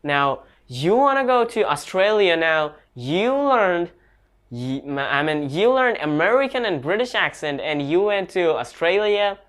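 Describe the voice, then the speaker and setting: Guy teaching english online, talks real slow, smooth clear voice, stumbles and restarts a bit. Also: sits high, very animated, fairly bright tone. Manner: slow, hesitant talk with restarts; non-native grammar. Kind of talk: casual online lesson.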